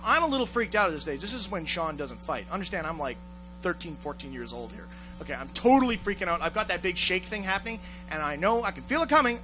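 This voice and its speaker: Male host, high and bright, profane and animated storyteller, faint music bed. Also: low-quality recording. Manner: profane, animated, acts out voices in his story. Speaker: podcast host telling a story. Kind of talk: casual storytelling.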